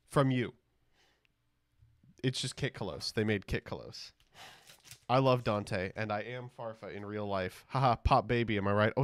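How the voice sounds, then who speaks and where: A man's voice: medium pitch, no echo. Male streamer, casual card-opening chat, crude jokes, rambling, dry close sound. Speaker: streamer opening trading cards.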